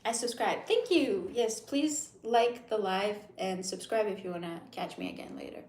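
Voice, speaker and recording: A woman in her thirties chatting casually on a livestream, reading comments and swearing freely, with hushed asides. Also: mid-range voice, animated, moderate pace. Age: 30s. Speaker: livestream host. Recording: echoey room sound.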